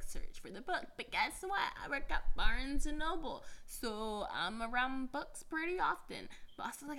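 A woman's voice: medium pitch, bright, forceful tone. A young woman hosting a podcast in a chatty, giggly, casual way, full of filler words. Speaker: podcast host. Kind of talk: casual chat.

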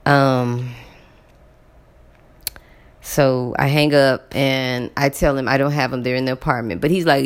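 A woman telling a personal story to her viewers in a casual, animated way, repeating words for emphasis. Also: a bass voice, a little slow. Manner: addresses viewers directly.

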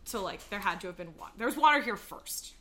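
A chatty woman co-hosting a podcast, her voice bright and forward. She talks through facts casually, stopping for plenty of ums along the way. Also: medium pitch, lively intonation, fast talker. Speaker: podcast co-host. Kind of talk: casual chat.

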